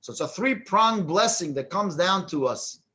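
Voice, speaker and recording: Rabbi teaching, halting delivery. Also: male voice, sits high, animated, pushed and bright. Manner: halting, many restarts and fillers, chuckles at his own joke. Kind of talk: storytelling then lecture.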